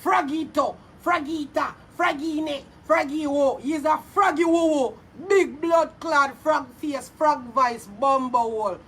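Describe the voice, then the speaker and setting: A woman with a Jamaican accent ranting angrily on a vlog, loud and profane, hurling insults and often shouting. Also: sits high, a little slow, hardly any pauses. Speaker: vlogger. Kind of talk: angry social media rant. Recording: voice a little far from mic, faint background noise.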